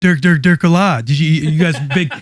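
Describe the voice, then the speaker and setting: A man's voice: on the high side, a little fast, crowd noise. A man hosting a casual podcast chat, laid-back and skeptically needling his guests. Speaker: podcast host.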